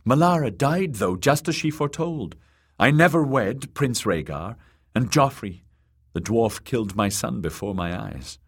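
A man's voice: medium pitch, expressive, unhurried, slightly rough, voice pushed up. A man voicing a haughty, anxious queen, a grown woman, in a raised voice. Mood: bitter.

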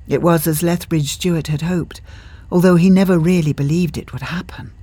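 An audiobook narrator reading scripted narration in a steady storybook manner. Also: medium pitch, normal speed, slightly rough, dry recording.

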